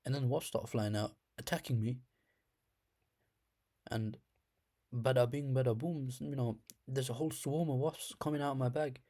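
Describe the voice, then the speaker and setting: Young guy w a slight lisp, mellow easygoing voice, rambling thru a funny story. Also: mid-range voice, steady tone, moderate pace. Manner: rambling, laughs at his own stories. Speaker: storyteller host. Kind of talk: casual comedic storytelling.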